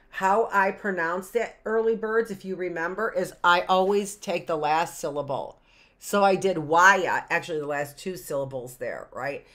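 A woman's voice: low-pitched, fairly bright tone. A woman, a teacher reading a picture book aloud to young children on a livestream and wandering into chatty asides and questions.

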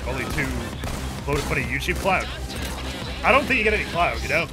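A young man giving goofy, excitable commentary while streaming a game, with sudden yells. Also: fairly high pitch, brisk. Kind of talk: casual gaming commentary. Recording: game music playing behind.

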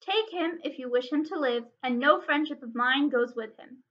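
A woman voicing a proud, wrathful male dwarf king who speaks sternly and shouts in rage. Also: high voice, moderate pace, lo-fi sound, lightly acted. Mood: grim.

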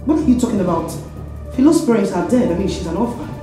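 A woman's voice: medium pitch, animated, fast, over music, lightly acted. A woman with a Nigerian accent playing a curt, irritable wife. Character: bitter young wife wanting privacy. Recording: very echoey, from afar.

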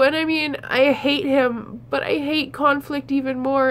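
A woman's voice: high-pitched, flat delivery, a bit bright. A young woman talking straight to her viewers in a personal vlog, crying as she speaks and stopping and restarting her sentences. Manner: halting, tearful, many restarts. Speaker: vlogger.

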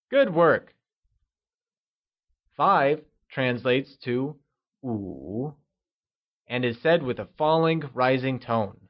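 A male teacher narrates a scripted language lesson at a very slow, careful pace. He models each word so the listener can repeat it. The recording sounds slightly dull and lo-fi. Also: medium pitch.

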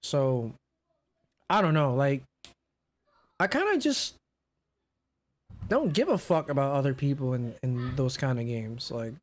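A man co-hosting a podcast, chatting casually and telling animated, profanity-laced stories. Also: mid-range voice, unhurried, pauses often. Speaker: podcast co-host. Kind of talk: casual chat.

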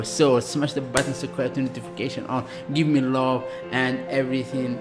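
Excitable man reacting over music. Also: medium pitch, moderate pace, hardly any pauses. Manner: excited, exclaiming, broken English.

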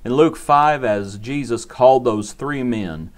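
A man's voice: medium pitch, unhurried. A man preaching a short devotional sermon in an earnest, repetitive cadence.

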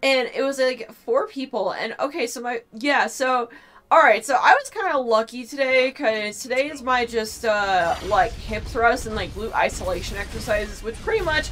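Young female co-host, high bright voice, foul-mouthed and blunt. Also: normal speed. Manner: blunt, profane, animated ranting. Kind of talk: casual chat.

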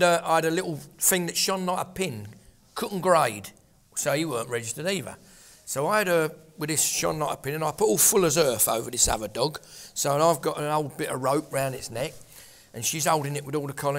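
A man's voice: mid-range voice, a bit bright. An older man from England telling rambling, swearing anecdotes among old friends. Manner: rambling, swearing, laughing storyteller. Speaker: storyteller at a table of old friends.

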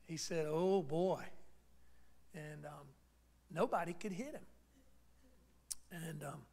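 A man preaching in church, telling a personal story that builds into fervent preaching. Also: sits high. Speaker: pastor.

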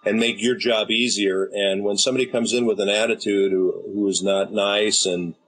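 A man's voice: fairly low pitch, steady tone, normal speed, fairly bright tone, breathy edge, poor audio. An American man in his fifties, a voice actor and director, telling stories in an easygoing, anecdotal way as an interview guest. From United States. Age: 50s. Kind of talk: casual interview talk.

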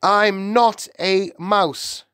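A man voicing a loud-mouthed, greedy boy who has been turned into a mouse, blustering and shouting in an audiobook. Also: high-pitched, expressive, a little slow, no room sound, studio quality, voice pushed up. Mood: indignant.

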